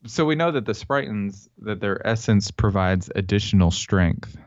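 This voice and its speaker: Man, casual podcast co-host, chatty, low voice, lo-fi dry mic. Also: lively intonation, normal speed, dry recording. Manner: chatty, reads out descriptions, laughs easily. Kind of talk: casual fan podcast chat.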